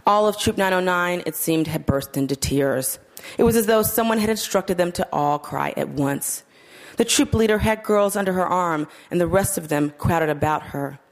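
A woman narrating a literary short story in a measured, steady audiobook reading. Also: on the low side, soft background music.

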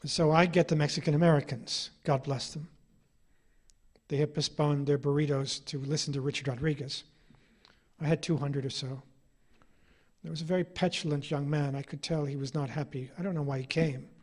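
A middle-aged man lectures to an audience in a wry, ironic storytelling manner. His voice sits a bit higher than most men's. He is an author spinning anecdotes for a crowd. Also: fairly even intonation, normal speed, a little mellow. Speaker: author giving a talk.

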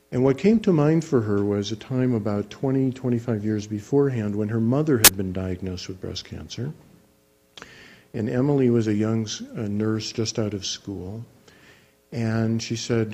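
A man who works as a physician, telling a patient's story in a calm, measured lecture and often restarting his phrases. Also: fairly low pitch, husky. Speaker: physician teaching guided imagery.

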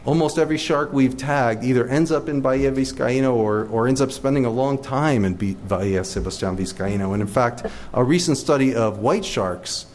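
A man's voice: medium pitch, a little mellow, a little hiss or hum. Enthusiastic man giving a slide lecture. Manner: friendly, enthusiastic, many fillers and restarts. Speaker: shark research biologist giving a slide talk.

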